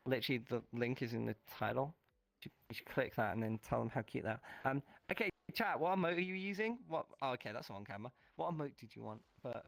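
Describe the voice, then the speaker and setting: A man's voice: fairly high pitch, gravelly, dry recording. A male streamer in casual chat, playful and teasing as he greets his viewers.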